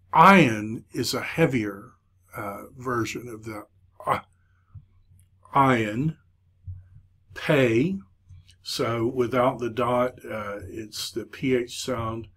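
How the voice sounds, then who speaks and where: A man teaches a Hebrew lesson at an unhurried, measured pace. He stops often to hunt for words, with a voice pitched in the ordinary middle range. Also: fairly bright tone, slightly rough. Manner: hesitant, many filler pauses. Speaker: Hebrew instructor. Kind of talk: recorded lecture.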